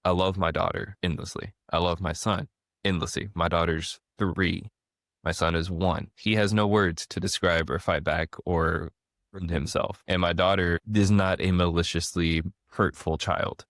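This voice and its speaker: A man in his thirties hosting a podcast, telling stories in a lively casual way with frequent restarts. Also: low-pitched, normal speed, dry recording, clean studio sound. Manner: animated storyteller, frequent restarts. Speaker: podcast host. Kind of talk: casual conversation.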